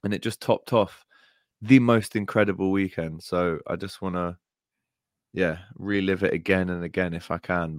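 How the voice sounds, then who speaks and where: A man's voice: deep voice, clean tone, no room sound, clean studio sound. A man co-hosting a podcast in casual chat, enthusiastic and heartfelt, often calling his co-host "mate" and "bro". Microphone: podcast microphone.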